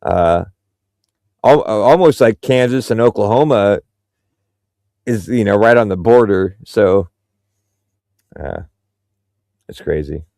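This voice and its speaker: A man's voice: on the low side, animated, slow pace, creaky, pauses often, a little mellow, dry recording, studio quality. A man from Central Ohio with a Midwestern accent, chatting casually with many fillers and restarts. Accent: Midwestern American. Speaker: podcast host. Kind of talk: casual chat.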